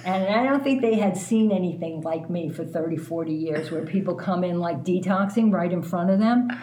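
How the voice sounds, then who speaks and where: A woman candidly telling a personal story as a guest, animated and self-mocking, swearing freely. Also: lowish voice, normal speed, roomy sound.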